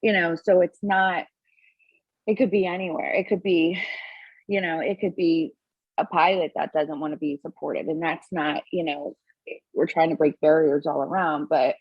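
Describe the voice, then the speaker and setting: A woman pilot and podcast cohost in casual chat, sarcastic and animated, laughing a lot. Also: low voice, normal speed, breathy edge, no echo, dull audio.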